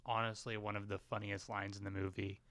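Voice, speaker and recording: A man co-hosting a casual podcast, dropping dry, joking comments about a film. His voice is on the low side, recorded close and dry with no room sound. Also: level tone, brisk, a bit bright, no echo. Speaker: podcast co-host. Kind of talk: casual movie review chat.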